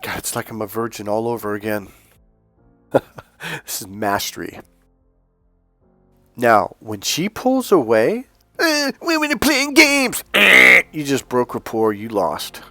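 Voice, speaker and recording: A man's voice: lowish voice, expressive, measured pace, pauses often, no room sound, soft background music. Blunt swearing dating coach, man. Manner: blunt, swearing, acts out quoted voices. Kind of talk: casual direct-to-camera monologue.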